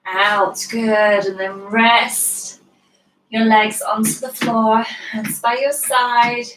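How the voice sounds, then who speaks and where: A yoga teacher from the United Kingdom talks her class through each stretch and breath, her slightly high voice moving slowly and warmly encouraging. She laughs easily and drops to soft cues for the breathing. The sound is roomy and caught from some distance, with faint ambience underneath. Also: flat delivery, background noise. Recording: roomy sound from away from the mic.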